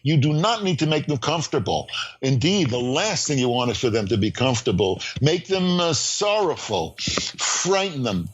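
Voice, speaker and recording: An older man speaking as a guest on a podcast, mid-pitched and emphatic. He tells his stories with energy, restarting sentences and padding them with fillers as he thinks aloud. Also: normal speed, breathy edge, dull audio. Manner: animated storyteller, emphatic, frequent fillers and restarts. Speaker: screenwriting professor guest. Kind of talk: podcast interview.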